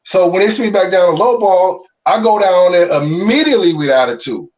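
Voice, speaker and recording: A middle-aged man from Chicago tells his baseball story in a loose, animated, slangy way, often restarting his sentences. His voice sits a bit high for a man. The recording sounds muffled and a little far from the mic. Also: fairly quick. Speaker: former pro baseball player, guest. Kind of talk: candid interview storytelling.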